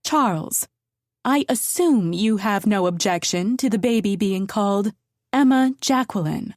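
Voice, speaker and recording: A woman voicing a doting, genteel grandmother who coos and speaks gently but firmly, in an audiobook. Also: medium pitch, animated, unhurried, dry recording, clean studio sound, natural voice. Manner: cooing, gently firm. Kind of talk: audiobook character voice.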